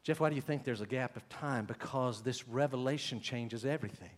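A male pastor preaching a sermon, moving between quiet asides and loud, emphatic stretches. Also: mid-range voice, fairly quick, in a large hall.

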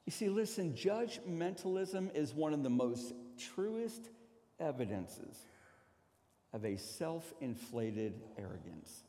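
Male preacher, dramatic storyteller with wide pitch swings, warm tone, hall echo. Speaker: pastor. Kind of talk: sermon. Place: church sanctuary.

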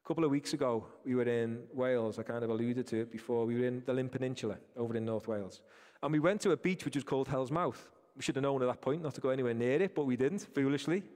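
A man's voice: mid-range voice, fast talker, a little mellow. A man preaching a sermon, earnest and direct, speaking to his listeners as folks. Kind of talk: sermon with a personal story. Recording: reverberant hall.

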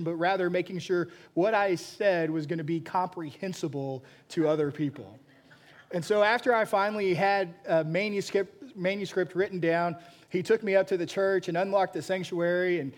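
A pastor preaching a sermon, telling a story with frequent restarts and repeated words. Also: male voice, high-pitched.

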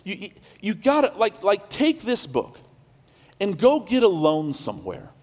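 High-voiced pastor preaching in a reverberant hall. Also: male voice, wildly swooping pitch, a little slow. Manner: preaches with big swings from loud declarations to quiet hushed passages; conversational, with restarts and asides. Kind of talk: sermon. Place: church sanctuary.

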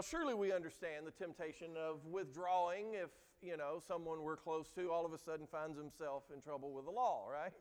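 High-voiced man preaching in a reverberant hall. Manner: earnest preaching, acts out quoted lines with rising emphasis. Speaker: pastor. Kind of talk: sermon.

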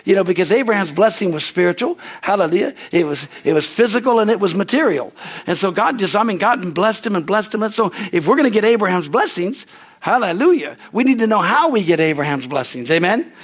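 Man, pastor, sermon, high voice, rambling, repeats himself. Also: animated, fairly quick. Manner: rambling, repeats words, calls out amen.

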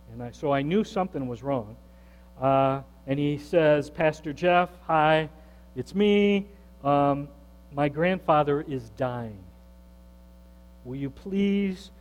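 A pastor's somewhat high male voice carries through a church hall with long reverb, with a faint mains hum underneath. He preaches conversationally, like he's telling a story, and grows animated when he quotes others. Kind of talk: sermon storytelling. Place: church sanctuary.

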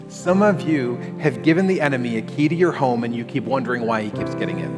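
A man preaching a sermon as pastor, animated and acting out little scenes for the congregation. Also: medium pitch, quick pace, few pauses. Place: church sanctuary. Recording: long hall reverb with faint music.

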